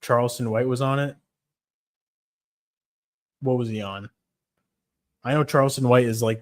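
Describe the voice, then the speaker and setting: A man on a casual livestream, talking about fights in a blunt, rambling, profane way. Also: mid-range voice. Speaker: streamer.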